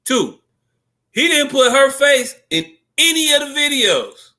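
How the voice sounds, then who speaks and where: A man co-hosting a podcast, talking in animated, joking banter with drawn-out storytelling. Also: very high voice. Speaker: podcast co-host.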